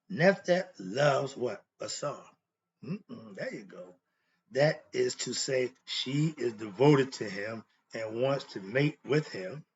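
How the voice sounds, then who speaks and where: This creaky, mid-range male voice belongs to a philosophy teacher giving an informal lecture. He bluntly poses rhetorical questions and answers them himself, speaking in an emphatic, conversational way. The recording sounds dull and lo-fi, with faint noise.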